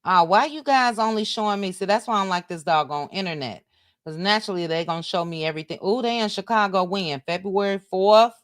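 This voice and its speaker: A woman hosting a livestream, chatting casually with her viewers and reading things out loud as she goes. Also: mid-range voice, brisk, dry recording, studio quality. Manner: chatty, reads out loud while talking to viewers. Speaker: livestream host.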